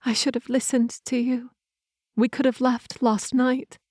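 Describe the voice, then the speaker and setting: A woman voicing a young female vampire heir in an audiobook, with a higher, urgent and emotional delivery. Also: level tone, unhurried, a little mellow, no room sound, studio quality. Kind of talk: audiobook character reading.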